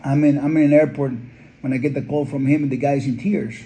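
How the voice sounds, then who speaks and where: A man's voice: mid-range voice, fairly even intonation, fast talker, mellow, poor audio. A man, a dog breeder, telling heartfelt stories in an earnest, conversational interview. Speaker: pit bull breeder.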